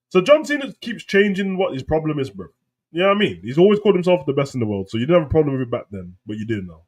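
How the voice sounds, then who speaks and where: A man's voice: sing-song, quick pace, darkish tone. Profane mocking young man. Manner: mocking, profane, jumps into high mimicking voices. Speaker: wrestling reaction host. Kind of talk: casual live reaction commentary.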